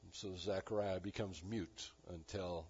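A man preaching a sermon, animated and emphatic, with touches of dry humor. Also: low-pitched, a little slow, breathy edge. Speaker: pastor. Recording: dull lo-fi recording.

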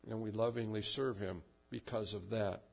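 A man preaching a sermon and leading a prayer, with slow, measured delivery and repeated refrains. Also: on the low side, steady tone, vocal fry, muffled recording. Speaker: pastor.

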